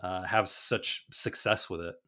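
Male podcast co-host, low-ish voice, easygoing movie talk. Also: measured pace. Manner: relaxed, conversational, leads the segment. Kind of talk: casual movie chat.

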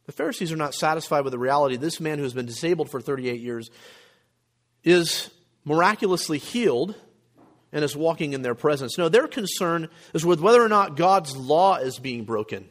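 Man, pastor, sermon, fairly high voice, emphatic, rhetorical questions, clears throat. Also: animated, a little fast.

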